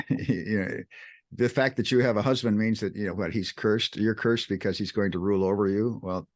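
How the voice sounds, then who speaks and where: A man's voice: fairly even intonation, moderate pace, no echo. An emphatic man co-hosting a podcast, explaining texts with a lot of repetition. His voice leaps up when he stresses a point. The recording is dry and close. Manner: emphatic, repeats words, pitch jumps for emphasis. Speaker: podcast co-host teaching scripture. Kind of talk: animated explanatory teaching chat.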